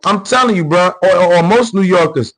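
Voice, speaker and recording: New man, high voice, slangy, combative commentary host who repeats himself for emphasis. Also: fairly quick, rough recording. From New York. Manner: animated, repetitive, slangy and confrontational. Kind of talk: unscripted political commentary.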